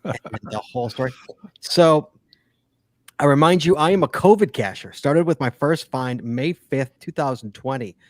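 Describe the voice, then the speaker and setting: A man's voice: fairly high pitch, expressive, normal speed, no room sound. A man co-hosting a casual podcast, chatty and teasing as he reads listener emails aloud. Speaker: podcast co-host.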